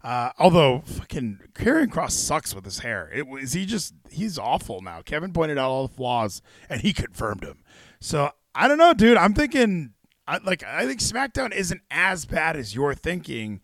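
A male podcast host rambles through casual wrestling talk, his voice rising and falling in lively swings. He swears freely and trips over restarts, slightly high for a man. The sound is close and dry. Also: normal speed, dry recording.

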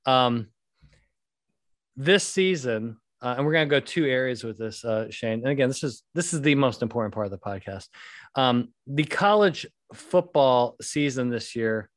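A man's voice: medium pitch, lively intonation, moderate pace, no room sound, clean studio sound. A middle-aged man hosting a podcast, chatting casually and telling rambling, self-deprecating stories with jokes. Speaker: podcast host. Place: home podcast studio.

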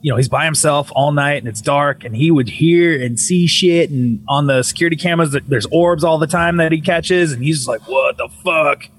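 A young man tells a ghost story a little fast, with hardly any pauses, in a relaxed podcast conversation. He's lively and swears, often halts to start a phrase over, and his pitch rises sharply when he quotes what he said.

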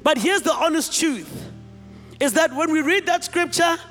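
A male pastor preaching with a very high voice, retelling a scene in lively, animated storytelling. He slips into acted-out voices and calls out to the congregation. His voice rings through a reverberant hall over faint music. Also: moderate pace. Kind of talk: sermon.

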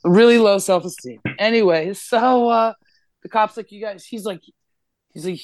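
A woman's voice: medium pitch, normal speed, dry recording. A Canadian woman, a podcast co-host, telling a story casually, swearing freely and acting out the voices of the people in it. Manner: profane, animated, acts out voices in the story.

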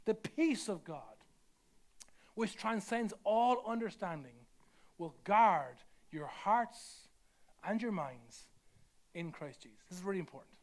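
A man's voice: sits high, expressive, measured pace, long pauses. A man preaches a sermon. He talks in a loose, conversational way, doubling back on his words and stacking phrase after phrase for emphasis. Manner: conversational, repeats words, builds with rising emphasis. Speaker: pastor.

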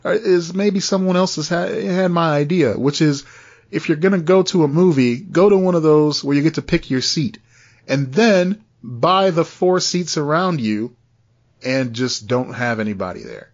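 A man's voice: fairly high pitch, moderate pace, muffled recording. A man co-hosting a podcast, talking in a loose, chatty way with frequent laughs and asides. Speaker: podcast co-host. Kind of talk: casual chat.

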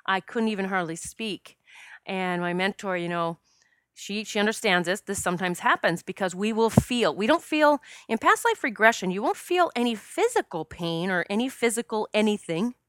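A woman's voice: mid-range voice, animated, normal speed, a bit bright, dry recording, clean studio sound. A woman who works as a past life regression specialist, telling a personal story in an earnest, emotional way with many fillers and restarts, choking up at times. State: choked up at times.

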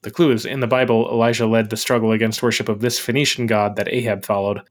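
A man's voice: lowish voice, flat delivery, fast. A man co-hosting a podcast, recapping a quiz show episode in casual, curious conversation. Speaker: podcast co-host.

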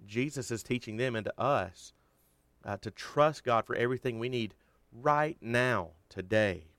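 A man giving an earnest devotional teaching on a Bible chapter, slowing down to stress key words. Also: medium pitch, a bit bright, dry recording.

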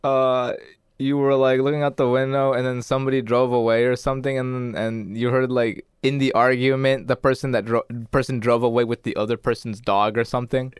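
A man's voice: medium pitch, flat delivery, a little fast, smooth, no room sound, clean studio sound. A man co-hosting a casual podcast, teasing and joking with his friends. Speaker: podcast co-host. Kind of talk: casual chat.

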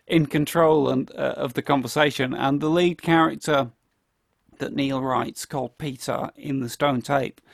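Male podcast co-host, gravelly, hesitant, dry close mic. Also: mid-range voice, fairly even intonation, a little slow, no echo. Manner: hesitant, many fillers and restarts. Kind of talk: casual chat about a TV play.

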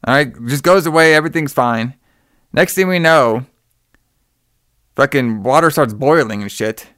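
A man's voice: medium pitch, moderate pace, no echo, clean studio sound. A man casually recapping a movie plot as a podcast co-host, swearing freely and acting out the characters' lines. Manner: profane, animated storytelling with quoted voices.

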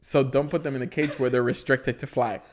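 A man's voice: mid-range voice, fairly even intonation, brisk. A young man co-hosting a podcast, chatting casually and laughing through his own stories in a self-mocking way. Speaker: podcast co-host. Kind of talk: casual chat.

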